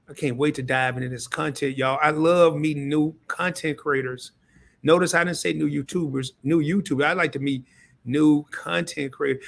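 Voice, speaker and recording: A man with a slightly high voice hosts a casual live stream, speaking straight to his viewers. He is excitable and keeps repeating himself and starting his sentences over. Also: creaky. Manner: excitable, talks straight to the chat; repeats himself, restarts often.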